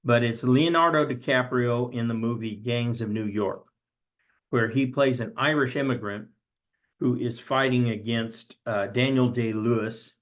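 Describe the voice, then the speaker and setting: A man's voice: mid-range voice, measured pace, muffled recording. Man giving a recorded history lesson. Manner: conversational, reads from a textbook with asides. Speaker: history teacher and author.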